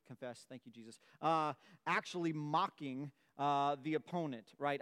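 A middle-aged man, preaching a sermon in a relaxed, conversational way and telling a playful story from his youth. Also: fairly high pitch, smooth. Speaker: pastor.

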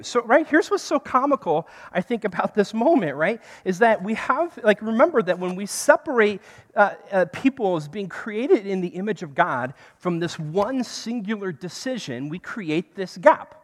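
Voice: mid-range voice, very animated, normal speed. A preacher giving a conversational sermon in a church hall, often checking in with the listeners. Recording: long hall reverb.

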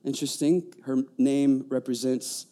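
A man, preaching a conversational sermon, telling stories with lively stammering restarts. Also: mid-range voice, a little slow. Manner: animated storytelling, stammering restarts. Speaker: pastor.

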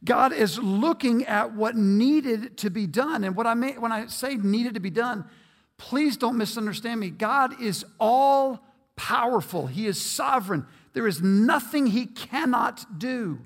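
Male pastor, high voice, earnest emphatic sermon delivery with repeated words, in a church hall with long reverb. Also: expressive, unhurried.

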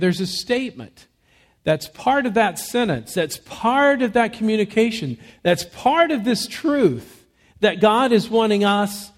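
Male pastor, sermon delivery, emphatic and measured, slightly raised pitch, nursing a cough. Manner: measured, emphatic preaching with rhetorical questions. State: fighting a cough.

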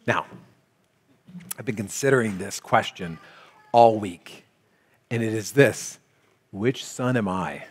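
A man preaching a sermon as pastor, talking in a conversational, animated way. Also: lowish voice, takes it slowly, long pauses, breathy edge. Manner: conversational, animated, shifts into quoted voices. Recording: long hall reverb, faint music.

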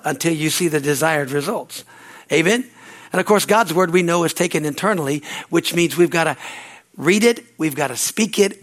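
High-voiced man preaching emphatically. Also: a bit bright. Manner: emphatic, repetitive preaching with frequent amens and hallelujahs. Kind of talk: sermon.

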